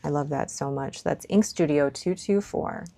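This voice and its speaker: A woman's voice: sits low, moderate pace, vocal fry, dark tone, no echo. A young woman chatting casually as she reviews and swats fountain pen inks, musing aloud and sometimes dropping to a near whisper. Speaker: stationery vlogger. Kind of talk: casual ink swatch review.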